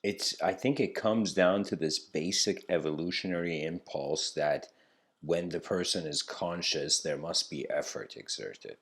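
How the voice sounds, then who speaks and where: Man, deep voice, improvised lecture, storytelling, rambling, filler-heavy. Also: unhurried, a bit bright. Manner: loose, filler-heavy, with frequent "you know".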